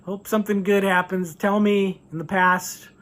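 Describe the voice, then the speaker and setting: Bright-voiced man doing stand-up. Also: sits high, normal speed. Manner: animated, acts out voices, laughs often. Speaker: stand-up comedian. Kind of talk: stand-up set.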